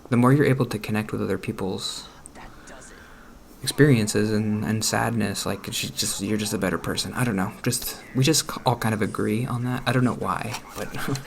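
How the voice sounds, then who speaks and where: A man hosting a let's play, musing aloud in a rambling, self-deprecating way with soft laughs. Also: on the low side, steady tone, normal speed, vocal fry, slight background noise. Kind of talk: casual commentary while gaming.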